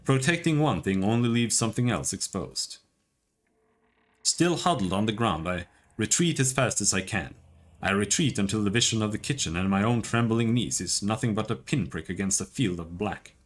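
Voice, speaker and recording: A man voicing a haunted young male wizard, recounting in a quiet, measured way. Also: fairly low pitch, lively intonation.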